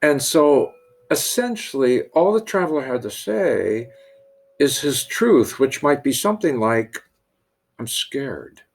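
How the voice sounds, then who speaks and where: Very animated and unhurried, a middle-aged priest with a slightly high voice relates a parable and then preaches its lesson. He often starts over and repeats words as he goes.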